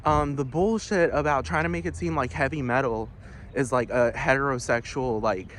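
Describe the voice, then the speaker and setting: A man's voice: mid-range voice, moderate pace, a bit bright, slight background noise. A man vlogging a heated, profane rant with many restarts, outdoors. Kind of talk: casual ranting monologue.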